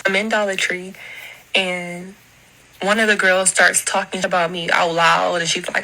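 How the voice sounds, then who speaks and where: A woman's voice: lowish voice, level tone, measured pace, bright, forceful tone, low-quality recording. A young woman recounting a recent incident straight to camera, upset and heated, speaking bluntly and swearing freely. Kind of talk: angry storytelling to camera.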